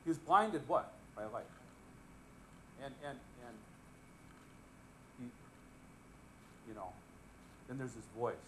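This mid-range male voice moves slowly with frequent pauses, captured on poor audio with a faint hiss or hum. Preaching an informal Bible lesson, he keeps up a conversational back-and-forth, regularly posing questions to his listeners. He's relaxed and jokey, chuckling while he speaks.

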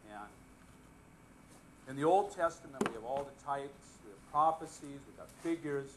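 A man's mid-range voice comes through at normal speed against background noise. He's teaching a casual Bible lesson in a conversational way, asking the audience questions often and joking as he goes. Relaxed throughout, he chuckles while speaking.

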